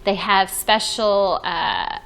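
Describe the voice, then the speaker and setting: A woman's voice: mid-range voice, steady tone, slow pace, gravelly, a bit bright, rough recording. A woman hosting a podcast as a vacation planner, chatting casually and laughing often while she explains plans. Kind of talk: casual chat.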